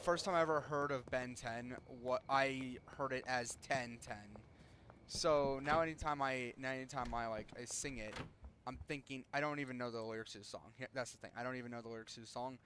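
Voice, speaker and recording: A man's voice: mid-range voice, fairly even intonation, brisk, a bit bright, a little hiss or hum. A young man giving casual gameplay commentary as a streamer, rambling and often cutting himself off mid-sentence. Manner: rambling, self-interrupting, trails off. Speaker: gaming streamer.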